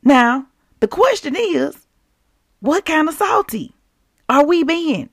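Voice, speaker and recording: Lively, gravelly-voiced woman preaching. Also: high voice, slow pace, long pauses, no room sound, studio quality. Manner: animated, conversational preaching with scripture reading. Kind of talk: sermon.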